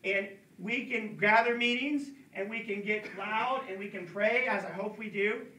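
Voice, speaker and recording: A man's voice: high voice, normal speed, pushed and bright, a little hiss or hum. A man giving an earnest talk at a college event, urging his listeners and repeating words for emphasis, recorded from a distance in a room. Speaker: speaker at a campus pro-life talk. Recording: echoey room, distant mic.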